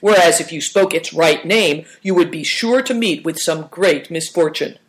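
Woman narrator, lowish voice, calm storybook reading. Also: normal speed.

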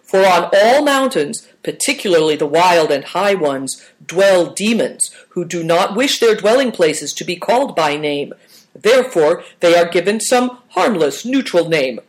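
Woman narrator, lowish voice, calm storybook reading. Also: measured pace.

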